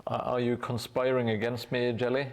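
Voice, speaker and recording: Gravelly-voiced tired man streaming. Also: mid-range voice, little pitch movement, normal speed. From Norway. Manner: joking, hesitant with many fillers. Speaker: streamer painting terrain. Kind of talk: casual live-stream chat with viewers.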